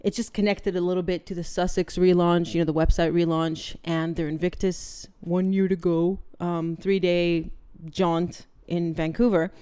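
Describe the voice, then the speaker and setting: A woman's voice: on the low side, level tone, moderate pace, hardly any pauses, warm tone, clean tone. Chatty young woman co-hosting a podcast. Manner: chatty, laughs often. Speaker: podcast co-host. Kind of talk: casual podcast chat.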